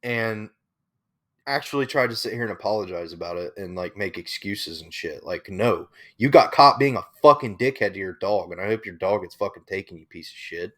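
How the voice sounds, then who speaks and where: A man's voice: lowish voice, lively intonation, fairly quick, fairly bright tone. A young man hosting a reaction video, ranting in casual, profane commentary.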